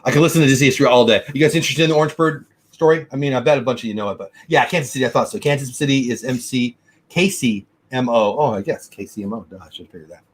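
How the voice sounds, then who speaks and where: A man's voice: mid-range voice, rapid-fire, slight background noise. A man hosting a casual livestream from home, chatting enthusiastically and answering viewer comments. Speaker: livestream host. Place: home room. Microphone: desk mic.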